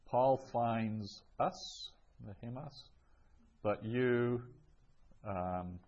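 A man's voice: mid-range voice, drawn-out words, darkish tone, muffled recording, slight background noise. A man teaching a language lesson, reading each phrase twice before translating it, with frequent ums. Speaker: Greek teacher. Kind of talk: slow explanatory language lesson.

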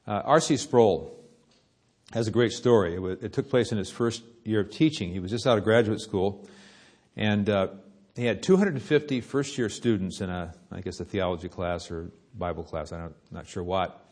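A man preaching a sermon, telling a story with lively rises and hushed drops. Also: on the low side, normal speed.

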